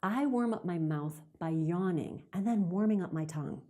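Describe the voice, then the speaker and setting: A woman coaching viewers in speaking, chatty and demonstrative as she talks to camera. Her fairly low voice swoops up and down a lot. She sounds like a practiced voiceover artist. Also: expressive, moderate pace, dark tone. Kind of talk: direct-to-camera tips video.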